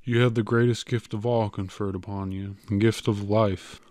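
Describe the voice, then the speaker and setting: A man playing a calm, knowing stranger. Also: lowish voice, no room sound, natural voice. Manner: slow, measured. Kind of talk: audiobook character voice.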